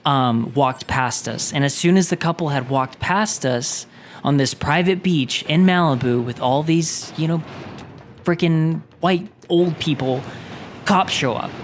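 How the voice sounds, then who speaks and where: A man's voice: a little high, a little slow, slight background noise. A man hosting a casual chat over a video game, telling a long story in a rambling, self-interrupting way. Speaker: host.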